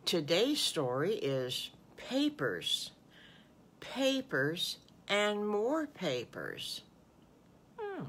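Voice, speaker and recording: An older woman, a great-grandmother, telling an improvised children's story slowly with homely asides to the little listeners over a video call. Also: fairly low pitch, huge pitch swings, a bit bright, breathy edge. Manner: slow, homely, addressing children with small asides.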